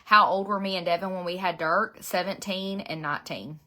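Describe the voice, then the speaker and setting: A woman's voice: lowish voice, brisk, bright, forceful tone. A middle-aged woman with a Southern Georgia accent, chatting casually and rambling with frequent laughs while doing her makeup at home. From Southeast Georgia, USA. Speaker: beauty vlogger. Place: her home beauty room, indoors.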